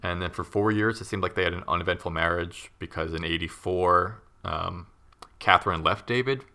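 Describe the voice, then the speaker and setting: Male co-host, deep and gravelly, loose rambling true-crime storyteller. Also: moderate pace, sharp tone. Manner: rambling, lots of "like" and restarts, wry asides. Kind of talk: casual storytelling chat.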